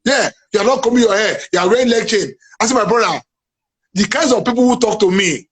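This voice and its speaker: Nigerian man guest, high husky voice, emphatic, preachy. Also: poor audio. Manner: emphatic, preachy, repeats "are you getting me now". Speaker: guest, playwright and businessman. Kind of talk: animated interview chat.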